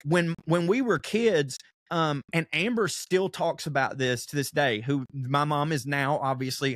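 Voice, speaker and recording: Animated swearing man, dry sound. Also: fairly high pitch, no room sound. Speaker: podcast co-host. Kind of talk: casual chat.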